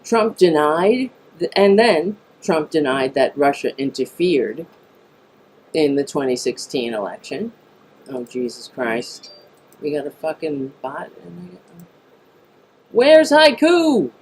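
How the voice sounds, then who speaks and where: A woman's voice: deep voice, measured pace, darkish tone, slight background noise. A woman hosting a live political talk stream, reading news items and making blunt, profane asides, on a mic that sounds tinny. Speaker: political talk show host.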